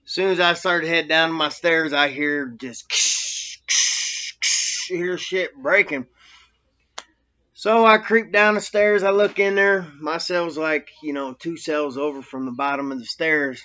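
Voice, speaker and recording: A man's voice: on the high side, unhurried, sharp tone, lo-fi sound. A man casually telling a rambling, profane story about his time in prison, full of street slang.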